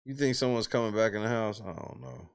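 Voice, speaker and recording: A man hosting a casual talk show, reacting to a reality show with animated, profane disbelief. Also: mid-range voice, fast talker, creaky, clear, resonant tone. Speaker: host.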